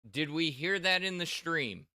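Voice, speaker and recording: A man with a Wisconsin accent softened by Texas hosts a casual livestream, speaking slowly and haltingly. His voice is bright and smooth. The sound is dry and close. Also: a little high, lively intonation, dry recording. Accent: Wisconsin mixed with Texas. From Wisconsin, US Midwest. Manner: slow, halting, hesitant with many restarts. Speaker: stream host reading donations.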